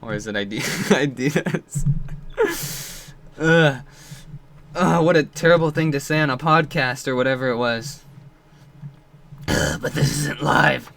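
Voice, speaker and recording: A man giving casual gameplay commentary, rambling and frustrated, muttering low and then yelling out. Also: lively intonation, normal speed, creaky, pauses often. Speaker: gamer playing and commenting.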